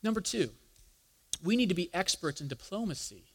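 A male pastor preaching a sermon in an animated way, asking the congregation to join in aloud. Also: high-pitched, moderate pace. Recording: long reverb of a large hall.

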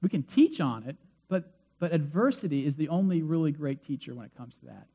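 A man's voice: fairly high pitch, animated, a little fast, creaky, warm tone, husky, muffled recording. A man preaching a conversational sermon as pastor. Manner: conversational, acts out quoted voices.

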